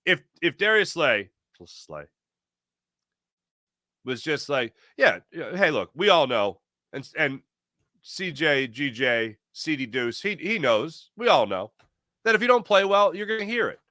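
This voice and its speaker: A man hosts a sports podcast in a lively, opinionated monologue. His pitch jumps around a lot, and his tone is bright and forceful. The sound is dry and close, with no room around it. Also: measured pace, long pauses, no room sound. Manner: animated, opinionated, acts out quoted voices. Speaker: podcast host. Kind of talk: casual sports talk monologue.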